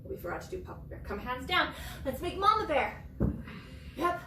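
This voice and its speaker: A young woman teaching preschool yoga through a story, expressive and sing-song, with gasps and whispers, recorded roomy and from far off. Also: high-pitched, moderate pace, vocal fry, background noise. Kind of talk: storytelling yoga lesson for children.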